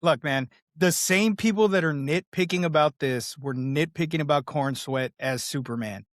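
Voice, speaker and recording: A man's voice: fairly high pitch, normal speed, no echo, studio quality. A man co-hosting a podcast who rants heatedly in casual banter, swearing constantly. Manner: heated, profane ranting. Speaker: podcast co-host.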